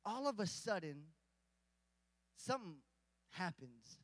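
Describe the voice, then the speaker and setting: A man's voice: high voice, animated, moderate pace, pauses often, no echo, in a large hall. A man preaching a casual, conversational sermon, joking with the congregation and rising to emphatic points.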